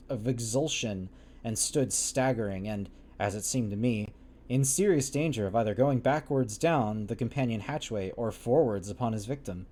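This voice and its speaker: Warm in tone with a mid-range voice, this livestream book reader works through a classic novel aloud. He stumbles over the dated language and interrupts himself with wry, laughing comments.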